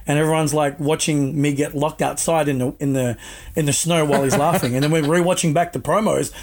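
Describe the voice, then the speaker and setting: A man telling stories as a guest on a podcast, animated and laughing as he retells them. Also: fairly high pitch, brisk. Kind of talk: casual storytelling chat.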